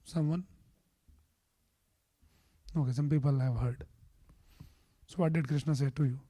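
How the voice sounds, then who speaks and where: A man delivers a scripture class in a temple hall. His voice sits a little high and sounds warm and mellow. He teaches in a patient, explaining way and now and then questions the audience directly. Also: steady tone, unhurried. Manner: chants Sanskrit verses. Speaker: temple speaker.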